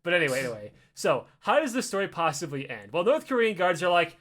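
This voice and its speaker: High, lively storytelling man. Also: fast talker. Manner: excitable, profane, acts out the story. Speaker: podcast co-host telling a story. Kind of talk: animated storytelling.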